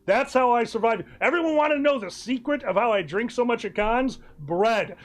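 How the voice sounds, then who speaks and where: A man hosting a live stream, telling a funny story in an animated way and laughing often. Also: extremely high pitch, normal speed. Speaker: streaming show host. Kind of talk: casual storytelling chat.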